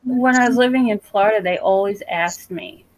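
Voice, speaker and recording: A woman's voice: medium pitch, normal speed, crowd noise, low-quality recording. A woman from Long Island with a Long Island New York accent, chatting casually with a group and acting out other people's lines as she tells stories. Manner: animated storyteller who acts out other people's lines.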